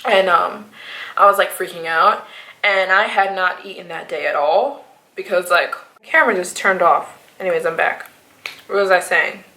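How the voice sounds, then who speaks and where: A woman's voice: lowish voice, normal speed, reverberant, rough recording. A young woman from the United States telling a rambling storytime vlog, full of fillers and quoted asides. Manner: animated, rambling retelling with many fillers and acted quotes. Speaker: vlogger.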